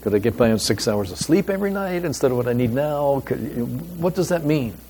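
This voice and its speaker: A man's voice: mid-range voice, expressive, warm tone, slight background noise. Emphatic male pastor preaching. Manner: deliberate, emphatic delivery with pauses. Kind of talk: sermon.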